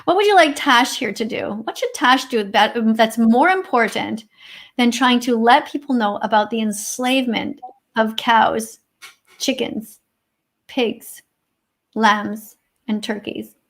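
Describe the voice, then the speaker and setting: A woman's voice: a little high, measured pace, a bit bright. A Canadian woman co-hosting a livestream over a video call, reading out chat comments and answering them sarcastically, with some swearing. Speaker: livestream co-host.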